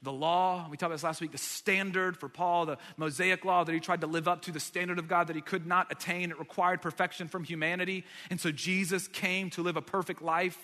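A man preaching a sermon as pastor, emphatic and energetic, building to loud declarations. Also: high-pitched, a little fast, hardly any pauses, long reverb tail. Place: church sanctuary.

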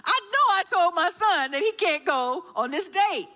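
High, bright-voiced woman preaching. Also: normal speed. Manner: animated storyteller acting out dialogue. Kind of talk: storytelling sermon.

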